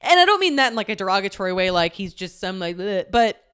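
A young adult woman hosting her own podcast, talking casually about personal mishaps. Her voice is smooth and clear, at an ordinary pitch for a woman. She tells her stories in an animated way, laughing often and dropping the odd curse. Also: fairly quick. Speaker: podcast host. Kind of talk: candid personal storytelling.

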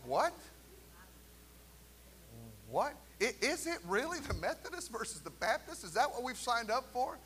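A man preaching a lively sermon in a church, joking with the congregation and calling for responses. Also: very high voice, measured pace. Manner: animated preaching with jokes and call-and-response asides. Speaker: pastor. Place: church sanctuary.

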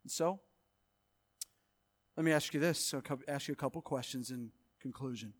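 A man preaching a sermon as pastor. He swings from loud, drawn-out proclamations to hushed, quiet lines, with bursts of rapid exhortation. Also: mid-range voice, breathy edge.

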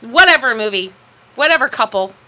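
A woman co-hosting a podcast, recapping a movie in casual chat, sarcastic and animated, swearing freely. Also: on the high side, a little fast, rough recording. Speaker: podcast co-host.

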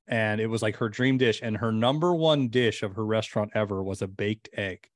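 A man guest on a podcast, chatting casually as an animated storyteller with lots of fillers. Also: on the low side, fairly quick, no echo, clean studio sound.

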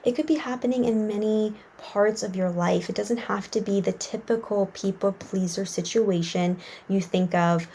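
A woman's voice: mid-range voice, moderate pace, hardly any pauses, dark tone, a little hiss or hum. A young woman talking casually and earnestly to listeners, reflecting on needs and people-pleasing with frequent fillers. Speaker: self-help podcast host. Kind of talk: casual advice monologue.

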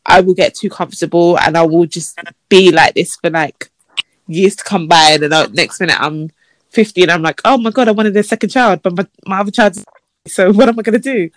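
A woman's voice: a little fast, no room sound. A woman, chatting on a podcast and telling stories, acting out messages in a mocking voice. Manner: chatty and storytelling, acts out messages in a mocking high voice. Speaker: podcast co-host. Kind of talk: casual chat.

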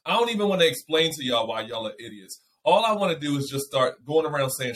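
A man co-hosting a podcast from home, talking bluntly and profanely in an animated rant. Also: on the high side, fairly quick, few pauses, a little hiss or hum. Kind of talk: casual chat.

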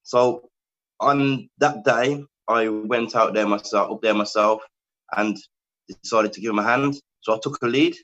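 Low-voiced poet speaking on a dull line. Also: male voice, unhurried, fairly bright tone. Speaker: poet guest. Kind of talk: casual storytelling interview.

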